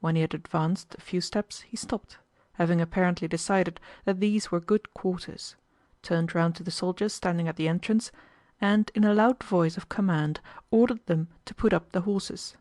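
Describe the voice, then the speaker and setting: A woman narrates a novel as an audiobook, reading in a steady, measured way. Her pitch is fairly low, and the recording is studio quality with no room sound.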